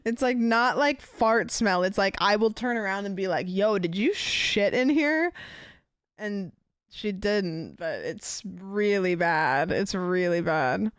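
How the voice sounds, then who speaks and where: A woman's voice: medium pitch, a bit bright, clean tone, dry recording, clean studio sound. Giggly, rambling woman streamer. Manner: rambling, giggly storytelling with many fillers. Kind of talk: casual chat.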